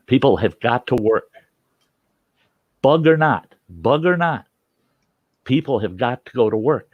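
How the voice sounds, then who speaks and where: A man's voice: on the low side, no room sound, narrow, tinny audio. A man from the United States hosting a talk show, arguing insistently and repeating his points. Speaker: host. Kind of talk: heated casual debate.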